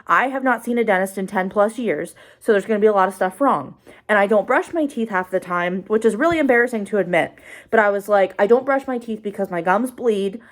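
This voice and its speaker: A woman's voice: medium pitch, a little fast. Casting: woman in her mid-twenties, nervous confessional vlogger, run-on sentences full of fillers, mid-range voice. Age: 20s. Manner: rambling, anxious, filler-heavy "like". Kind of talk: confessional casual vlog.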